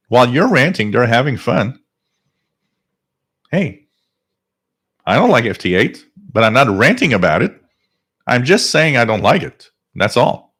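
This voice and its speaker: A man hosting a live radio-hobby stream, ranting emphatically and rising toward near shouting. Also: lowish voice, expressive, moderate pace. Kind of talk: live-stream talk and rant.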